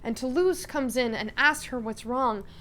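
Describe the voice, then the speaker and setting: Girl vlogger recapping her larp, fairly high voice, talks kinda breathless, faint rumble. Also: moderate pace, a bit bright. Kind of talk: casual storytelling recap.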